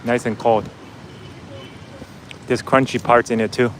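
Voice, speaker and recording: A man's voice: medium pitch, level tone, measured pace, a little hiss or hum, poor audio. A man vlogging casually as he walks outdoors, chatting with his viewers and laughing easily. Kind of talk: casual walking vlog. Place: outdoors on a busy city street.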